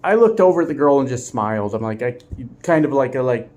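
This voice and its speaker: A man's voice: medium pitch, moderate pace, few pauses. Laughing man telling a road story. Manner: animated, laughs often, swears casually. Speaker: truck driver vlogger. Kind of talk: casual storytelling.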